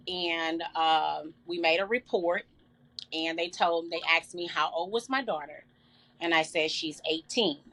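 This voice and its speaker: A middle-aged woman telling an emotional personal story in an interview, earnest and halting with many fillers. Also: on the low side, sharp tone. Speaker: guest.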